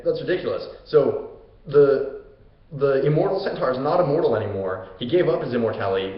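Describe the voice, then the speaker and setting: A young man retells an old myth as a comedy, casual and slangy. His pitch is middling. The room is very echoey, and the sound is dull and lo-fi. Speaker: host.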